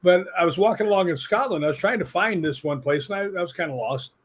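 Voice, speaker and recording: An American man appears as a guest on an interview show; he's a stunt coordinator and paranormal investigator. His voice is high and fast as he tells casual anecdotes with animation, acting out the people he quotes.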